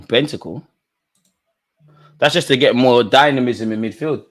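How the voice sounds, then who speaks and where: Man yelling at a football match. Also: medium pitch, a little slow. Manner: talks back at players and referee, swings from mutters to excited shouts. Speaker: football fan streamer. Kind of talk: live match watchalong reaction.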